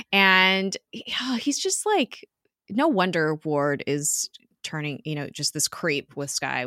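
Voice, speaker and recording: A woman recapping a TV episode in casual chat, rambling and animated, laughing often. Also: low voice, no room sound, studio quality. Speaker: podcast co-host recapping a TV episode.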